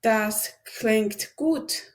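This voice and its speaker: A woman's voice: a little high, drawn-out words. A woman practicing German in a lesson, carefully repeating words after the teacher. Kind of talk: language lesson.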